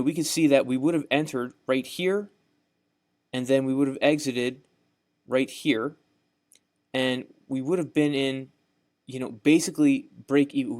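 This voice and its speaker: A young Southern American man, his mid-range voice darkish in tone, narrates a trading course over a shared screen. He keeps it folksy and repetitive, often pausing to ask "right?"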